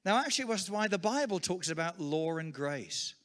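Lively preacher man. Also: high voice, moderate pace, big-room sound. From England. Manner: lively, humorous storytelling preacher. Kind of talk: sermon with storytelling.

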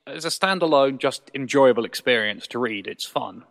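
Man, calm explanatory podcast chat, echoing room, medium pitch. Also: moderate pace, vocal fry. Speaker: podcast co-host. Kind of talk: casual book discussion.

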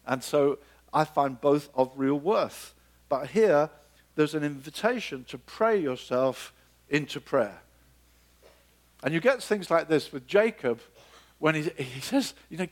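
Male preacher, higher than average pitch, animated, dramatizes scripture, sinks to a quiet murmur for emphasis. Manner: animated, acts out biblical dialogue with sudden pitch leaps; drops to a soft, low murmur for emphasis. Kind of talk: sermon.

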